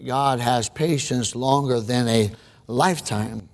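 A man preaching a sermon, telling a story dramatically and questioning the congregation, swinging from shouts to hushed words. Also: mid-range voice, slow pace. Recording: preacher in a large hall with long reverb.

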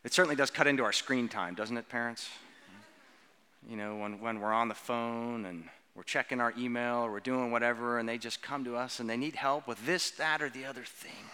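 A man preaching a sermon with earnest emphasis, slowing down on key words and putting questions to the children. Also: mid-range voice, fairly even intonation, pushed and bright, smooth. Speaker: pastor. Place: church sanctuary. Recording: long church reverb.

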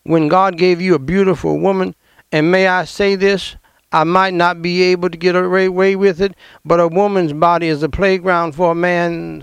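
A gravelly, somewhat high-pitched man preaches a fiery sermon from the pulpit. He talks in an emphatic, confrontational way and breaks into sudden outbursts. The sound is dry and close, with no room echo. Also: flat delivery, normal speed. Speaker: pastor.

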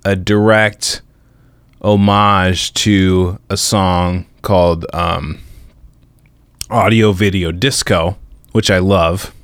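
A man's voice: deep voice, steady tone, takes it slowly, clean tone, no room sound. A man in casual podcast chat, laid-back and laughing often, full of filler words, talking while he eats. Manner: talks while eating. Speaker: musician guest.

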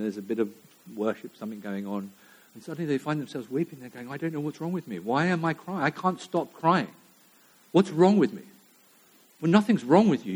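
A male pastor delivering a sermon, swinging between loud emphatic lines and hushed near-whispers, often repeating phrases. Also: mid-range voice.

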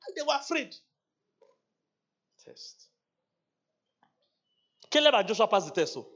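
High voiced guy preaching in church, laughs a lot, acts out the back and forth with god, muffled recording. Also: measured pace, pauses often, slightly rough. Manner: animated, laughing, acting out dialogue with God. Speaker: pastor. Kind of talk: sermon. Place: church service.

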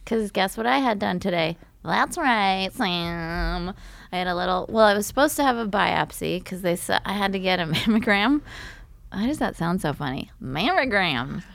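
A young woman with a gravelly, fry-tinged voice in a dry, close recording. She hosts a casual comedy podcast and tells her stories with animation, slipping into the voices of the people she quotes. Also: medium pitch, normal speed, no echo. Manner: animated storyteller who acts out quoted voices. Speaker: podcast host.

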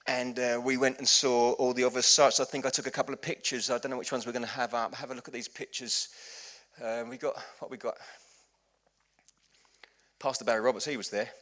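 Man, pastor, conversational sermon, earnest, heartfelt, bright voice, restarts sentences, church service. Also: medium pitch, flat delivery, a little fast. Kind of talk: conversational sermon with travel story.

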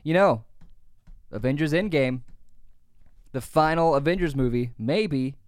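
A man's voice: fairly high pitch, measured pace, no room sound. A man co-hosting a podcast in casual chat, laughing often and stammering over repeated words. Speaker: podcast co-host.

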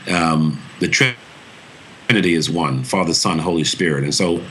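A man with a low-pitched voice answering interview questions in a reflective, earnest way. He circles back and restarts phrases as he thinks. The talk is unhurried and sincere. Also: a bit bright, a little hiss or hum. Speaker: actor talking about his voice.

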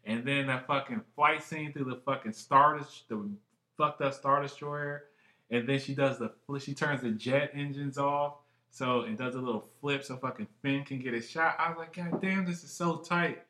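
A man co-hosting a podcast, chatting excitedly with lots of swearing, jumping from one thought to the next. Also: medium pitch, moderate pace. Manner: excitable, heavy swearing, jumps between thoughts. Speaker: podcast co-host. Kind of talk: casual chat. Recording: roomy echo.

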